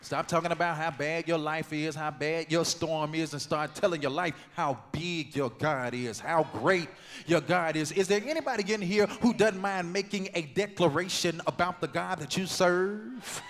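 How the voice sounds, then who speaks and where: A man preaching a sermon, dropping to quiet talk and then building to loud, rhythmic shouts. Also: normal speed. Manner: call-and-response preaching, swings from low talk to loud shouting. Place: large church sanctuary. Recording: long hall reverb in church.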